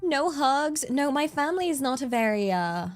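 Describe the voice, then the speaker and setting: A woman's voice: high voice, big pitch swings, moderate pace, faint music behind. A young woman streaming from her desk microphone, chatting casually in a rambling way and laughing often. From England. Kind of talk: casual chat.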